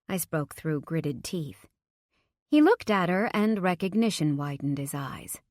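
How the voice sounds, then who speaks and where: A woman's voice: low voice, expressive, measured pace, darkish tone, no echo, clean studio sound. A woman reading a first-person romance audiobook, giving the characters' dialogue emotion. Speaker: audiobook narrator.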